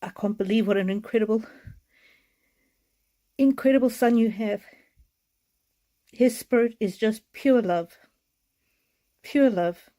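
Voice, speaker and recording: Female card reader on a live stream; mellow, heartfelt, slightly tearful delivery. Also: fairly high pitch, slow pace, pauses often. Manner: gentle, repetitive, heartfelt.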